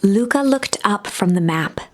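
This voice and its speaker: A woman narrating the story text of a game, in a storybook style, with a hushed delivery in tense passages. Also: medium pitch, expressive, unhurried.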